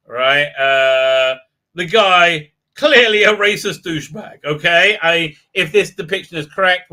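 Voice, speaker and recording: A man's voice: on the high side, pushed and bright. A man hosting a live-stream review, rambling and sarcastic, with many stalls and restarts. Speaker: host and reviewer.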